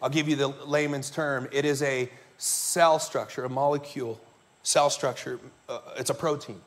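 Standing before the congregation in a church sanctuary, a man preaches as their pastor, his mid-range voice fairly even in intonation at a normal speed. He shares stories conversationally and poses questions to those listening.

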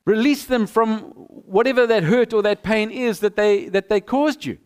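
A middle-aged male pastor preaching a sermon with animated storytelling, acting out both sides of the dialogues. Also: sits high, normal speed, clear, resonant tone. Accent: non-American.

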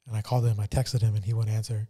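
Somber man with a very dark voice. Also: lowish voice, level tone, breathy edge. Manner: somber, halting storytelling with many fillers. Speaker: podcast co-host. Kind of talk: casual personal testimony.

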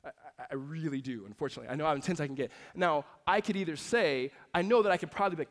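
A man, preaching a conversational sermon that swings between loud emphasis and soft asides. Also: fairly high pitch, fast, hardly any pauses. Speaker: pastor.

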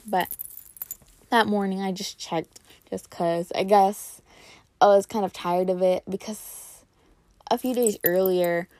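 A woman's voice: mid-range voice, fairly even intonation, slow pace, long pauses, mellow, dry recording. A young woman telling a personal story in a casual vlog, full of "like" fillers. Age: young adult. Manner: chatty, heavy on "like" fillers. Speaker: incoming college student.

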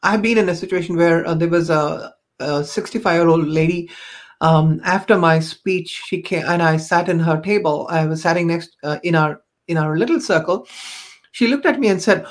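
Speaking at a normal speed with a lowish voice, a woman tells personal stories as a podcast guest. She's earnest and reflective, her conversation dotted with fillers like um and you know.

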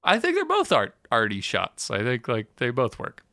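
A man's voice: mid-range voice, huge pitch swings, normal speed, sharp tone, dry recording, studio quality. A man co-hosting a casual recap chat, laughing often and acting out scenes. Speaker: podcast co-host.

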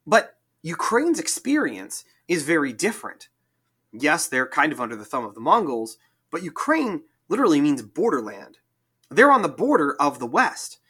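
A man's voice: fairly high pitch, sharp tone. A man giving an explanatory history lecture in a conversational way, with wry asides.

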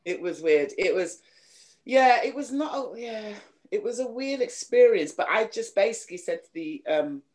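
Chatty London woman, halting speech. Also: mid-range voice, expressive, a little mellow. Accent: London, slightly posh with a Cockney edge. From East End of London. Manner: halting, repeats words, many 'you know's. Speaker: singer and podcast host. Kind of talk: casual podcast chat.

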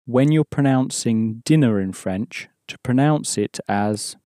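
A man's voice: medium pitch, a little slow, mellow, dry recording, studio quality. A man teaching an audio language course, patiently explaining and prompting the learner to answer.

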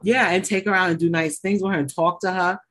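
A woman's voice: lowish voice, fairly even intonation, quick pace, a bit bright. A woman co-hosting a casual TV recap, blunt, opinionated and swearing freely. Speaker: podcast co-host.

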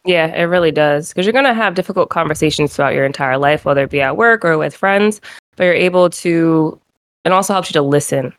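A young woman from Rhode Island with a New England accent, co-hosting a casual chat and telling stories with animated put-on voices. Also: sits low, a little fast. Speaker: co-host.

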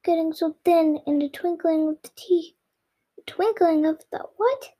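A child voicing a nervous male hatter on trial, reading aloud slowly and carefully. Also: extremely high pitch, dark tone.

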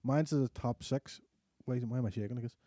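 A young man, co-hosting a casual podcast chat and swearing freely as he gets animated. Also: mid-range voice, a little fast, husky, no room sound. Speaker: podcast co-host.

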